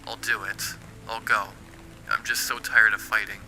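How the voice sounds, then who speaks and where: Give me a bone-tired young guy murmuring over the phone in a low, hushed, hopeless voice, every word drained of fight, as a male narrator puts him on for a spooky storybook reading, with soft music lingering faintly behind. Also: fairly even intonation, moderate pace, rough recording. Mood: resigned. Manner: hushed, weary, near-whispered. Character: exhausted, despairing young man on the phone.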